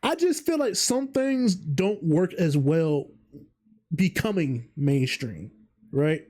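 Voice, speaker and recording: A vtuber host talks slowly in an expressive, slightly mellow voice on the high side. The man gives a casual commentary monologue on his channel, rambling through his views with frequent chuckles and self-interruptions.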